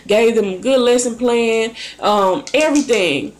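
A young woman vlogger casually telling a personal story to camera, acting out her own thoughts with lively shifts in voice. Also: fairly high pitch, a little slow. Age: young adult.

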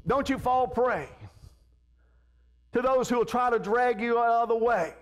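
High-voiced fervent preaching man. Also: measured pace. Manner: fervent, repetitive preaching with frequent amens and call-outs. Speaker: pastor. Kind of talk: sermon.

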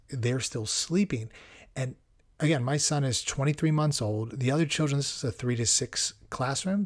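A man talks in an easy, conversational way. He is a podcast host, speaking reflectively in a calm, unhurried monologue. His voice sits at an ordinary male pitch.

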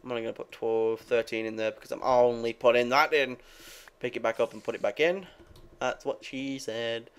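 A man's voice: mid-range voice, fairly even intonation, moderate pace, fairly bright tone, clean tone. A young man giving rambling, casual commentary while playing a game, swearing freely and talking to his viewers. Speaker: gaming video creator.

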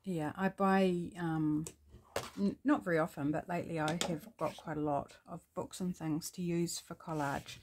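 A woman's voice: on the low side, steady tone, moderate pace, darkish tone, slight background noise. A middle-aged woman with a New Zealand accent talks through a collage craft project in a rambling, chatty way, thinking aloud with frequent ums. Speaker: craft vlogger. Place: home craft desk.

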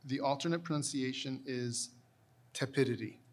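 A man acting as a spelling bee pronouncer, reading out words and their definitions with careful, measured enunciation. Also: medium pitch.

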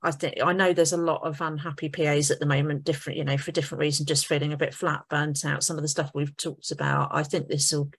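A woman's voice: low voice, little pitch movement, fast, creaky, hardly any pauses, breathy edge. A woman hosting a podcast, praising her guest effusively while wrapping up the interview. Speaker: podcast host. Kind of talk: interview wrap-up.

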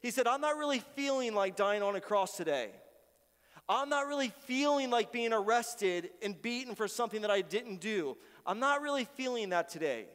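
Male pastor, high-pitched, earnest sermon voice, hall reverb. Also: animated, moderate pace, smooth. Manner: earnest, shifts between quiet prayers and loud pleading. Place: church sanctuary.

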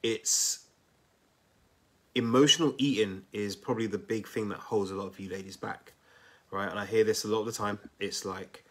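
A man hosting a live coaching stream on weight loss, talking straight to his viewers in a chatty, energetic way and often checking in with "right?" and "okay?". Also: lowish voice, moderate pace.

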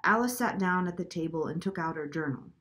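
Lady reading a kids chapter book aloud, lowish voice, steady. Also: brisk. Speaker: storybook reader.

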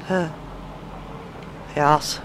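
A British woman gives excitable let's play commentary over game music, swearing and shrieking at the action. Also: extremely slow, noisy background. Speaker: gamer.

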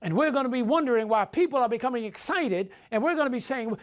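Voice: mid-range voice, expressive, quick pace, few pauses. A preacher giving a sermon, repeating key phrases for emphasis and speaking directly to the congregation.

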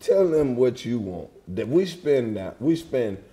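A man's voice: mid-range voice, measured pace. A man co-hosting a comedy podcast, talking bluntly and profanely in casual chat. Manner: blunt, profane, animated when joking. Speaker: podcast co-host.

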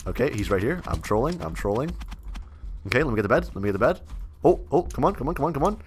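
A young man giving excitable gameplay commentary as a gaming video host, swinging between mumbled asides and loud outbursts. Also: mid-range voice, quick pace, a little hiss or hum. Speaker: gaming YouTuber.

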